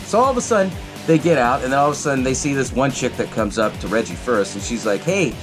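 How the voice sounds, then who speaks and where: Lively, profane man recapping a film. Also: medium pitch, quick pace, music in the background. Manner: profane, animated retelling that acts out the characters' lines. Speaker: podcast host.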